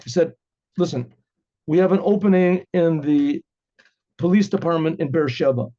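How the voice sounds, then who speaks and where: A rabbi telling a story in first person and acting out the dialogue, now and then clearing his throat. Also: on the high side, moderate pace, dark tone. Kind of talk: spoken storytelling. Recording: dull lo-fi recording.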